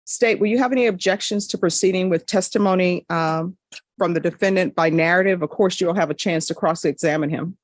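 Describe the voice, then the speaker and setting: A woman's voice: on the low side, brisk, no echo. A woman judge running a courtroom hearing in a businesslike, procedural way.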